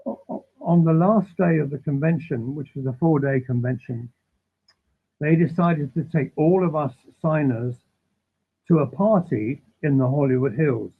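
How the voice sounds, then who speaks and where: Gravelly man rambling on a tinny line. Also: a little high, a little hiss or hum. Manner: rambling, self-interrupting, animated anecdotes. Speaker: interview guest. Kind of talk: casual storytelling.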